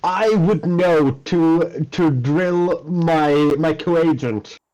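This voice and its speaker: A man playing in a tabletop game, chatting casually in a quick, eager way. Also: a little high, dark tone, rough recording. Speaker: player.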